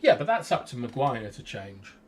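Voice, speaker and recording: A man's voice: mid-range voice, very animated, moderate pace, a little mellow. A man co-hosting a casual fan show, giving strong opinions in a rambling way. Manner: opinionated, rambling, restarts sentences. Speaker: fan channel co-host.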